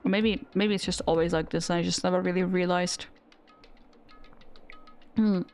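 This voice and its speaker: A woman's voice: lowish voice, fairly even intonation, normal speed, darkish tone, soft background music. A young woman streamer chatting casually with her audience, giggling and rambling in a self-deprecating way. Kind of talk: casual live-stream chat.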